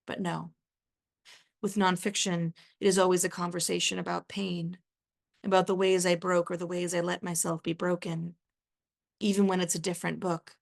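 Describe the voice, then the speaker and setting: A woman reads her own literary fiction aloud at a live event in a low, gravelly voice. She keeps her delivery measured and flat, hardly lifting or dropping her pitch, and slips in the odd dry aside. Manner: measured, even first-person reading with a dry aside. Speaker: author reading her own work.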